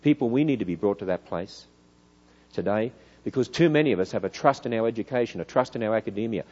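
A middle-aged man with an Australian accent, preaching in a church hall, lively and full of rhetorical questions. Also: fairly low pitch, fast talker, dull audio. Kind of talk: church lecture.

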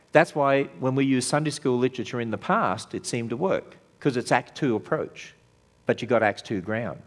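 A man giving an emphatic sermon-style talk as a ministry speaker, asking rhetorical questions of his audience. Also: medium pitch.

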